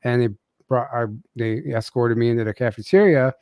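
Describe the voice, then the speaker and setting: A man's voice: mid-range voice, a little fast, a little mellow, clear, resonant tone, no room sound, studio quality. A man telling a personal story as a podcast guest, casually, with many fillers and restarts.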